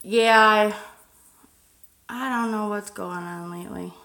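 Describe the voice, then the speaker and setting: A woman's voice: mid-range voice, steady tone, slow pace, gravelly, bright, forceful tone, reverberant. A woman in her thirties hosting a paranormal livestream outdoors at night, chatting loosely with viewers and swearing freely. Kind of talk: casual livestream chat.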